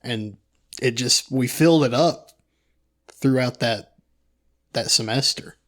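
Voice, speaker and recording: A man's voice: medium pitch, takes it slowly, fairly bright tone. A young man with a light Eastern Kentucky accent, co-hosting a podcast with dry, wry remarks. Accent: Eastern Kentucky, light drawl. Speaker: podcast co-host. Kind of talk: casual chat.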